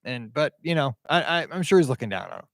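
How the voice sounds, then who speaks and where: A man's voice: medium pitch, animated, fast talker, a bit bright, no room sound, clean studio sound. A middle-aged man from the Midwest hosting a podcast, chatting casually in a rambling, enthusiastic way with frequent restarts. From American Midwest. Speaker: podcast host. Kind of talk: casual chat, reading listener feedback.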